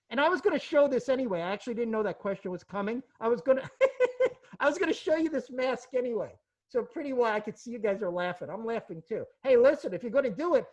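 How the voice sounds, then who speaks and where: Upbeat, lively woman hosting a webinar. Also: fairly high pitch. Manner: upbeat, salesy, enthusiastic. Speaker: host, practice coach. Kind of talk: live webinar Q&A. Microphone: video call.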